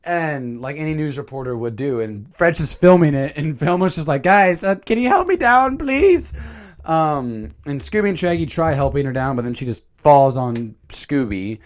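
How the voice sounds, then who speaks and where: A man casually rambling through a cartoon movie review, animated, with filler words and mild swearing. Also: mid-range voice, moderate pace, hardly any pauses. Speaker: channel host.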